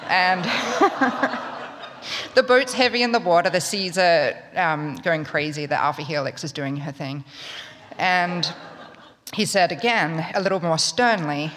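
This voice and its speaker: A woman's voice: on the low side, slow, a bit bright, a little hiss or hum. A woman from Australia with an Australian accent, telling a wry, humorous true story in a conversational way. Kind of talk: live spoken storytelling. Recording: long reverb of a large hall.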